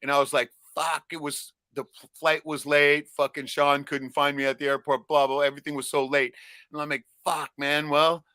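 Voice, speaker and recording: Male podcast co-host from Alaska, bright higher voice, profane rambling tales. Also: flat delivery, moderate pace, no echo. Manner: profane, rambling storyteller with loud acted-out shouts. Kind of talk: casual podcast chat.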